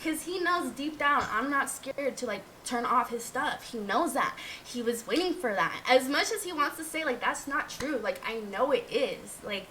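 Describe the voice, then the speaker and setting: A woman's voice: a little high, expressive, brisk, hardly any pauses, pushed and bright, a little hiss or hum. A woman explaining herself defensively, filling her talk with constant "like"s. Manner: defensive, filler-heavy, says "like" constantly.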